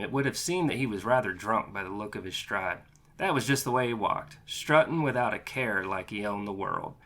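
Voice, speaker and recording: A man reading a first-person audiobook in a steady, matter-of-fact way, with the odd casual curse. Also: fairly low pitch. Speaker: audiobook narrator.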